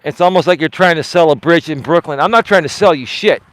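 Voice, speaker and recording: Man, live-stream host, emphatic, defensive, repeats himself, fairly high voice, dry close sound. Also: fast, no echo. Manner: talks straight to chat, asks pointed questions. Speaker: livestream host. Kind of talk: casual live-stream commentary.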